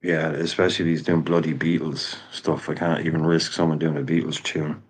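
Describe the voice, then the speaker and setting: A deep-voiced Irish man chats his way through a live stream watchalong. He is blunt and casual and swears freely, with the loose rhythm of someone talking off the cuff to his viewers. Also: flat delivery, a little fast, husky, low-quality recording. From Ireland.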